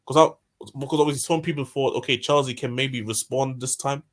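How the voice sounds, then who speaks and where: A man's voice: mid-range voice, fairly even intonation, brisk. A man in casual football chat who rambles and repeats himself as he makes his point.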